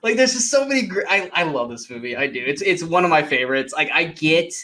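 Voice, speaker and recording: A man's voice: a little high, expressive, quick pace, pushed and bright. A man co-hosting a casual movie podcast, talking enthusiastically, laughing often and quoting film lines. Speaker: podcast co-host.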